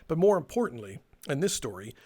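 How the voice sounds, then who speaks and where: Young guy ranting about his old job, kinda high voice, laughs and swears a lot. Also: brisk. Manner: animated, swearing, laughs mid-sentence, acts out quotes. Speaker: storytelling YouTuber. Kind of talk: casual storytelling vlog.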